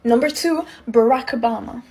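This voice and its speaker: A woman's voice: a little high, moderate pace, background noise. A woman doing a playful comedic short-video bit, counting down silly lists and giggling as she goes. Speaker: TikTok creator.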